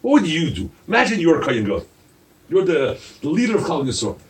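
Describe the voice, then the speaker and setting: A man preaching a sermon as a rabbi, animated and firing rhetorical questions at his listeners. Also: a little high, brisk, far from the mic.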